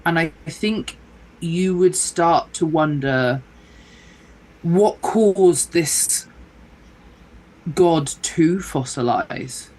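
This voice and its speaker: Low-voiced woman narrating as game master. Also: a little mellow, low-quality recording. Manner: measured, descriptive narration with thinking pauses.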